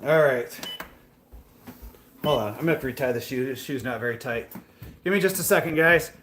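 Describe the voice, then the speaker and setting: A man's voice: medium pitch, fairly quick, a bit bright, slight background noise. A man running a fitness vlog, chatting casually and directly to his viewers while he works out. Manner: chatty, talks straight to viewers. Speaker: fitness vlogger. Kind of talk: casual live chat to viewers.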